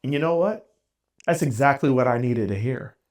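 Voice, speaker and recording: A man hosting a podcast, telling a candid, self-deprecating story in a casual, animated way. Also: mid-range voice, normal speed. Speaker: podcast host.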